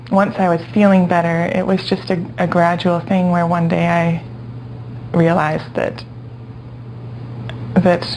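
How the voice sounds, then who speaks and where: A mother calmly reflecting on her recovery after giving birth. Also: on the low side, creaky, a little hiss or hum, poor audio. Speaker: interviewee, mother.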